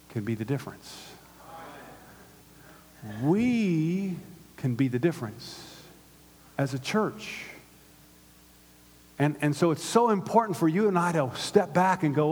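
A man preaching a sermon to his church, with call-and-response and swings from hushed to loud. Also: fairly high pitch, breathy edge. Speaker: pastor. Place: synagogue hall used by a church. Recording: long reverb of a large hall.

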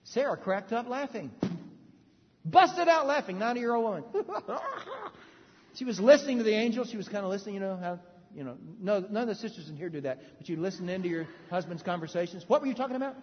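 A man preaching a sermon, animated and joking with the audience, swinging between loud bursts and hushed moments. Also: high-pitched, fast talker. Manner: joking, conversational asides to the audience. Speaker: pastor. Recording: reverberant hall, dull lo-fi sound.

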